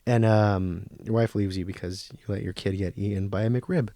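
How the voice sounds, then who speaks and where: A man in his thirties hosting a podcast, delivering a profane comic monologue that swings from hushed nature-documentary whispers to loud rants. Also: fairly low pitch, fairly even intonation, moderate pace, no room sound. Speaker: podcast host. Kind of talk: comedic monologue.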